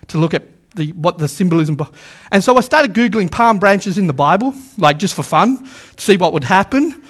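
Preacher, male, very high voice, fired-up sermon delivery that pulls the congregation in. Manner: animated, calls on congregation to repeat lines; stammers restarts, repeats words for emphasis. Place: church service with a live congregation.

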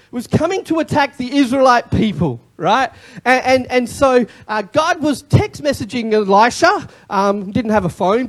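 A pastor preaching a sermon in an animated way, with joking asides and repeated key phrases. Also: medium pitch.

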